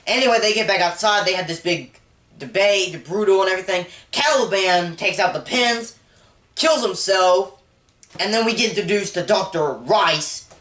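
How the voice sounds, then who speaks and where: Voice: medium pitch, lively intonation, normal speed, a bit bright. Casual movie recap guy or gal, rambly, says like a lot, gets emotional, roomy echo. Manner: rambling, heavy use of "like", emotional about the story. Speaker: movie reviewer. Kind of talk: casual spoken film recap.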